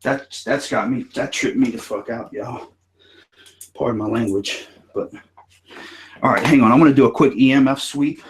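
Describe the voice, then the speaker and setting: A man running a live paranormal investigation, talking excitedly and profanely and calling listeners dude and bro. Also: mid-range voice, moderate pace, long pauses, background noise. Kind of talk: live ghost-hunting session. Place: indoors, room where he investigates.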